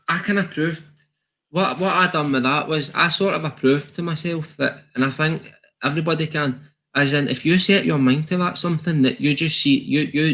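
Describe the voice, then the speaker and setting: A man's voice: fairly high pitch, fairly bright tone. A man, a guest in a casual chat, modest and hesitant with fillers.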